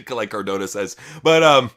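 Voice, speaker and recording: Foul-mouthed mocking man, bright lively voice. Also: mid-range voice, takes it slowly. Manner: profane, mocking, reads quotes aloud. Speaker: podcast co-host. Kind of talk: crude casual news chat.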